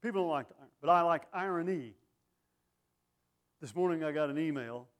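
A man's voice: fairly high pitch, brisk. A middle-aged man preaching a sermon in a folksy, conversational way, full of asides and rhetorical questions.

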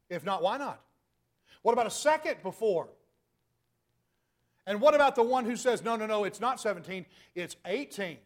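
Middle-aged male preacher, high-pitched, emphatic, pushes to loud peaks. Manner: emphatic, rhetorical questions, rising to loud peaks. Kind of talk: sermon.

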